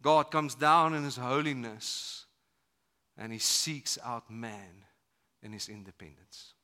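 A pastor delivers a sermon at a church service in a bright, ringing voice of middling pitch. He swings between loud, emphatic declarations and quiet, hushed lines. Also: takes it slowly.

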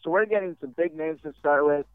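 A man's voice: fairly high pitch, fairly quick, clean tone, no echo. A young man, a guest podcaster, earnestly and upbeatly promoting his own sports show. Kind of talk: promotional pitch. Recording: tinny phone-like line.

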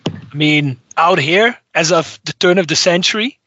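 A man interviewing his guest in an unhurried way, searching for words as he speaks. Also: on the high side, bright, forceful tone, no room sound, dull audio. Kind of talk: conversational interview.

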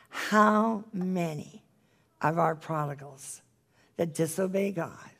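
A Bible study leader with a gravelly, creaky edge to a mid-pitched voice. They teach and pray with earnest, pleading conviction, sometimes sinking into a hushed near-whisper. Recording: live-streamed group Bible study.

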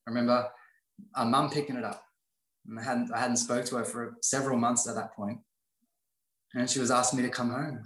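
A man's voice: medium pitch, level tone, normal speed, pauses often, a bit bright. A man sharing his life story in an earnest, motivational way, often repeating phrases for emphasis. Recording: roomy echo.

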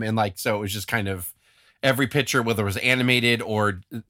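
A podcast co-host with a lowish voice speaks fast, telling a story in casual chat and animatedly acting out the quotes. The sound is studio quality with no room sound.

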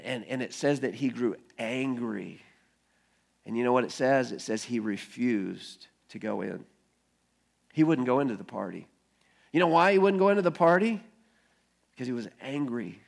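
A male pastor with a slightly higher voice preaches a sermon in a relaxed, conversational way. He tells the story as if chatting, acts out the quoted lines, and often repeats a word or two as he begins a phrase. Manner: repeats words when starting phrases.

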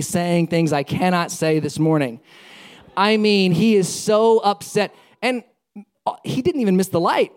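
A pastor preaching conversationally, repeating phrases for emphasis and acting out the lines of people in his stories. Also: high-pitched. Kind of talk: sermon with storytelling.

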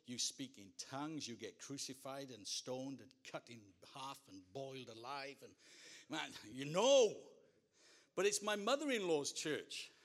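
Animated male preacher telling a story. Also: medium pitch. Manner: animated, humorous, swings from hushed to loud. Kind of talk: sermon storytelling.

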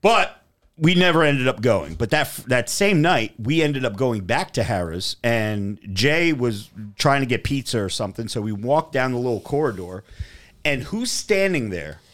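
A man's voice: medium pitch, normal speed. A man hosting a podcast, telling a story casually with lots of swearing and acted-out dialogue. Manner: profane, animated storyteller acting out dialogue. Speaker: podcast host.

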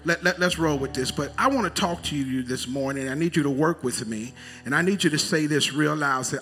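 Middle-aged preacher man, high bright voice, call and response, slows way down to hammer points, soft music under him. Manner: call-and-response preaching, builds to loud emphatic cries; drawls key phrases slowly for emphasis. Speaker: bishop preaching as guest. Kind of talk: sermon. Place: church sanctuary.

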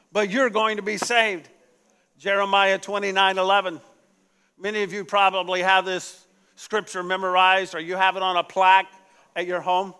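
Bright-voiced preaching pastor in a hall. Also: male voice, high-pitched, clean tone. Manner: call-and-response preaching, rising emphatic repetition. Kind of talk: sermon. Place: church sanctuary. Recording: echoey church hall.

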